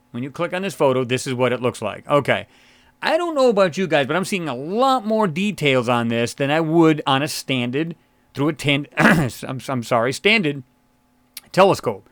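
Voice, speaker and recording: A man's voice: fairly high pitch, a bit bright, dry recording. A man hosting his own channel, rambling through a casual commentary on photos with many fillers and restarts, his throat scratchy. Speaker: channel host. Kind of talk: casual screen-share commentary.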